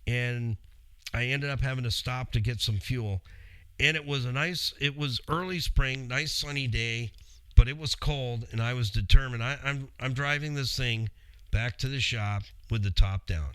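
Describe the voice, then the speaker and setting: A man's voice: mid-range voice, moderate pace, fairly bright tone, clean tone, dry recording. A middle-aged man hosting a show, telling a long story in a rambling, chatty way and speaking straight to his listeners. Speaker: radio show host. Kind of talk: casual storytelling.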